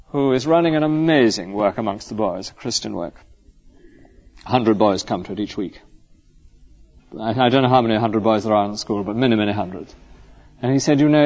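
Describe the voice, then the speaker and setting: A man's voice: mid-range voice, a little mellow, muffled recording. A male clergyman giving an earnest, conversational sermon full of rhetorical questions.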